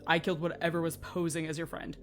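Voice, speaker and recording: A woman's voice: low-pitched, flat delivery, quick pace, soft background music, natural voice. A woman playing an earnest adventurer who consoles a friend, repeating herself apologetically. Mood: consoling.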